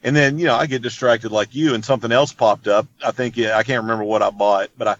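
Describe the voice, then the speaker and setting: Man, casual storyteller, rambling, laid-back, mid-pitched voice, slightly muffled recording. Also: fairly even intonation, fast talker, fairly bright tone. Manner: rambling, laid-back, peppered with "dude" and "you know what I mean". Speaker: podcast guest.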